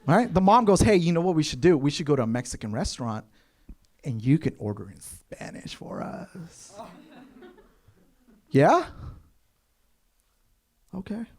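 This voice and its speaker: On stage at a comedy club with a live audience, a young man from Kentucky delivers his set briskly in a fairly high-pitched voice. His storytelling is animated, and he impersonates the people he describes.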